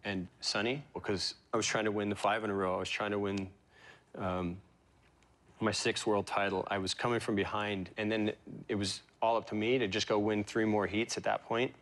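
A man in his forties, a guest in an interview, telling personal stories in a halting, emotional way with many fillers and restarts. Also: lowish voice, little pitch movement, fairly bright tone. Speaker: interview guest, pro surfer. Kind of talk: reflective interview storytelling.

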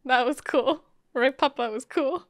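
A woman's voice: sits high, moderate pace, a bit bright, no echo, faint music behind. A woman hosting an anime reaction video, chatting casually and reacting emotionally with frequent laughs and gasps.

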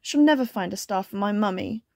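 A woman voicing an eager little male bear cub in a bedtime story, with a bright, excited storybook voice. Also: medium pitch, brisk, vocal fry, no room sound, clean studio sound. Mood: sad.

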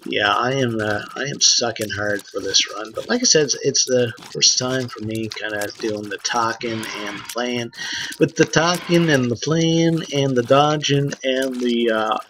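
A man's voice: medium pitch, unhurried, a bit bright, a little hiss or hum, rough recording. A man in his thirties streaming a video game, rambling through casual commentary with lots of "uh" fillers.

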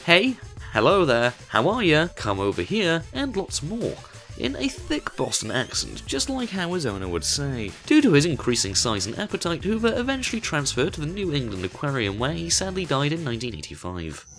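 A man's voice: fairly high pitch, wildly swooping pitch, a little fast, faint music behind. A man narrating a fact video from a script in an upbeat way, with playful asides.

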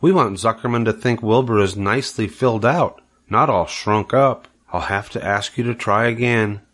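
An older man voicing a patient, kindly female spider who gives brisk, coaxing instructions in a storybook reading. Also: on the low side, fairly bright tone. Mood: patient, firm.

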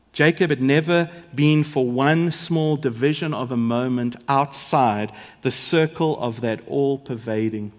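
Preacher in an echoing hall. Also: male voice, a little high. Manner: emphatic, rising and falling in volume for effect. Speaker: pastor. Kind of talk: sermon. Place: large church hall. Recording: long church hall reverb.

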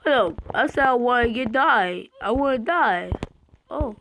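A woman playing an online game, slightly hoarse from being sick, excitedly calling out what happens on screen. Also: a little high, unhurried, a little hiss or hum, poor audio. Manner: excitable, shouting out reactions to the game. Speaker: gamer.

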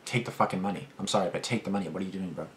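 A man's voice: low-pitched, very fast, a little hiss or hum. A young man giving casual reaction commentary, rambling and slangy, swearing and saying "like" and "bro" a lot. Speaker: reaction channel host.

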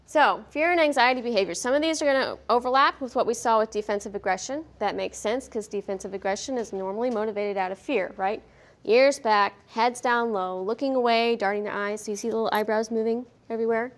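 Lively woman lecturing at a conference. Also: fairly high pitch, fairly quick. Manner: lively, asks the audience questions, acts out dogs' thoughts. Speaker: veterinary behavior lecturer. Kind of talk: conference lecture to a live audience. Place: conference hall.

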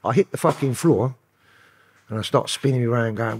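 London man, podcast guest, husky and coarse-spoken, sweary storyteller. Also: mid-range voice, steady tone, quick pace. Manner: profane, rambling street talk. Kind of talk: casual storytelling interview.

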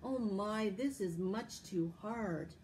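A woman voicing a tired, hungry, fussy little girl in a read-aloud fairy tale, in a drawn-out, sighing storytelling voice. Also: mid-range voice, a little mellow, slight background noise, lightly acted.

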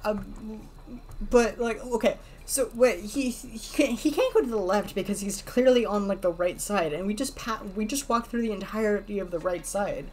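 A woman's voice: medium pitch, normal speed, a little mellow, a little hiss or hum. A woman giving casual gameplay commentary, rambling and leaning on lots of filler words. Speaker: gameplay video creator. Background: game music.

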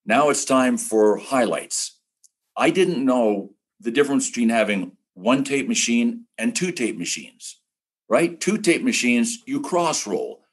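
An older man, a retired broadcaster, telling animated stories as a podcast guest and acting out other people's lines. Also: medium pitch, a little slow, slightly rough. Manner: animated, acts out quoted voices. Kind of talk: casual podcast storytelling.

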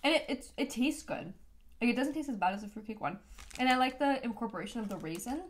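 A woman's voice: fairly high pitch, animated, fast talker. A young woman from Canada co-hosting a snack tasting video, joking in easygoing casual chat. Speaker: co-host of a snack tasting channel.

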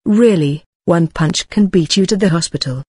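A smug big man sneers and goads in a storybook reading, his lines read by a woman. The voice is lowish with a breathy edge and a dry sound. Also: normal speed, a little mellow, dry recording. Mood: sneering.

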